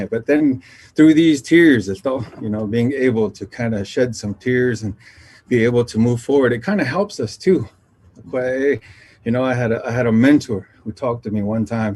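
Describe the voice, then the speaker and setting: A man, from the Nation, sharing traditional teachings in a gentle, unhurried storytelling talk that pauses and circles back. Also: mid-range voice, slightly rough. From Navajo Nation.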